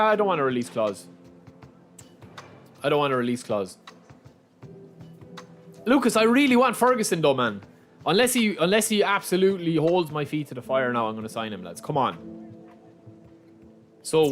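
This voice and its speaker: A young Irish man giving chatty, excitable live commentary as he plays a game on stream, calling out to his viewers. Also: a little high, normal speed, pauses often, faint music behind. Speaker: gaming livestreamer. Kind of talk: casual live commentary over gameplay.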